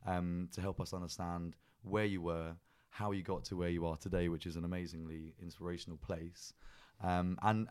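A man's voice: low voice, a little mellow, no echo, clean studio sound. A man hosting a podcast, chatty and rambling with many ums as he introduces his guest. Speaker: podcast host.

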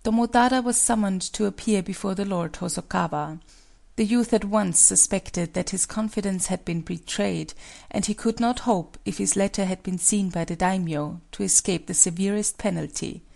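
Woman with a heavily gravelly voice. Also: medium pitch, moderate pace, mellow. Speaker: storyteller. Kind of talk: scripted narration of a folk tale.

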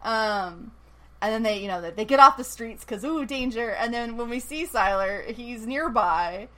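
A woman's voice: a little high, animated, normal speed, sharp tone. A woman co-hosting a podcast, chatting casually about a TV episode with jokey, playful asides. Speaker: podcast co-host.

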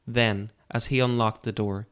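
A man narrating a fantasy story in a calm, measured audiobook style. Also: lowish voice, clear, resonant tone.

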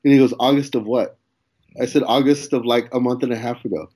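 A man's voice: mid-range voice, fairly even intonation, rapid-fire, warm tone. A young man, a comedian guest, telling a story in casual chat, swearing and acting out quoted lines. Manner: laid-back, swears, acts out quoted dialogue with laughs.

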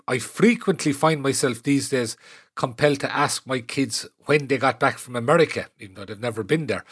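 Husky Irish man hosting a podcast. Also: medium pitch. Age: older. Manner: lively questioning, self-deprecating. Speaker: podcast host. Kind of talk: conversational interview.

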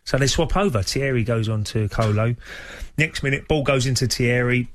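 Lively storyteller guy, does voices, normal pitch. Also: normal speed. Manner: animated storyteller, acting out voices and laughing. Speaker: guest, former footballer. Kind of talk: lively anecdote on radio.

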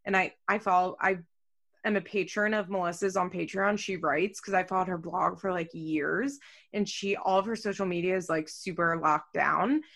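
A woman's voice: on the low side, fairly even intonation, moderate pace, gravelly, a bit bright. Woman, podcast co-host, casual chat, slight speech impediment, chatty, lots of "like", swears. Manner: chatty, swears freely, many "like" fillers.

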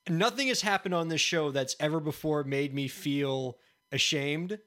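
A man hosting a podcast, talking in an animated, self-mocking way and laughing often. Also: fairly high pitch, moderate pace. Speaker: podcast host. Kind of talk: podcast talk.

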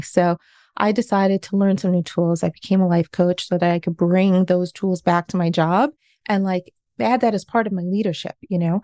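A woman's voice: on the low side, steady tone, normal speed, warm tone, dry recording, studio quality. A woman in her forties, a life coach, telling her own story in an interview in an earnest, confessional way. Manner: earnest, confessional, self-questioning.

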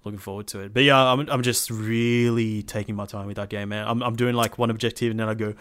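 A young man in casual chat about a video game, rambling in a relaxed way with many fillers. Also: on the low side, fast, clear, resonant tone.

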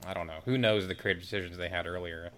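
Man, fairly low voice, rambling, casual chat, co-host. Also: steady tone, quick pace, fairly bright tone. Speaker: podcast co-host.

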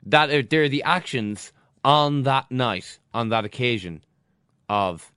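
An Irish man in the studio trades deadpan jokes with the hosts. His voice sits in the middle range and sounds close, with no room echo. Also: mid-range voice, takes it slowly, clean tone. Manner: deadpan, dry humour. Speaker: studio guest, former footballer. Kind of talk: casual chat.

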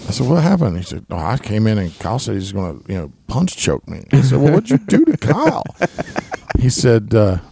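A man's voice: fairly low pitch, sing-song, a little fast, gravelly, dark tone, breathy edge, dry recording. A man co-hosting a podcast in casual chat, teasing and laughing often. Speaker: podcast co-host.

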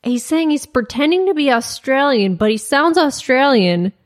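A woman's voice: high-pitched, expressive, moderate pace. A woman co-host reacts to a played clip with puzzled, amused remarks in casual chat.

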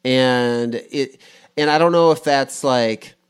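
Rambling man in his forties, smooth voice. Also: medium pitch, takes it slowly. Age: 40s. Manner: rambling, thinking aloud with many restarts and fillers. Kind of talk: casual conversation.

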